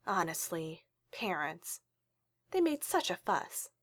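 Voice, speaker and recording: A woman reading a story aloud in a calm, steady storytelling manner. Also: lowish voice, takes it slowly, dry recording. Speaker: reader.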